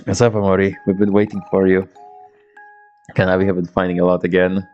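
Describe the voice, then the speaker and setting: This twenties-aged streamer chats about his game from a laptop at home, voicing the on-screen lines himself amid stammered restarts, curses, and plenty of laughter. He sounds low and flat in pitch and talks briskly, with a muffled recording and soft music underneath.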